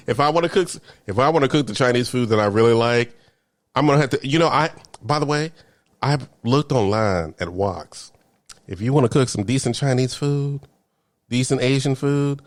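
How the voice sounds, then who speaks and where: A man, ranting comedically to camera in a vlog and dropping into hushed whispered asides. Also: mid-range voice, moderate pace, dry recording. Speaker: vlogger.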